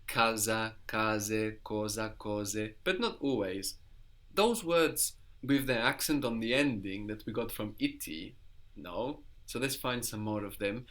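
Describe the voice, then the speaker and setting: Patient male language tutor, low voice. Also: a bit bright. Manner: patient, explains slowly and repeats words. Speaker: Italian tutor. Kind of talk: language lesson over a call.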